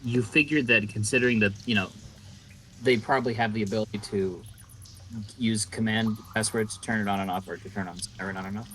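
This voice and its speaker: A man running a tabletop game, explaining rules in a relaxed way. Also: fairly low pitch, fairly quick. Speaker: game master. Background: faint background music.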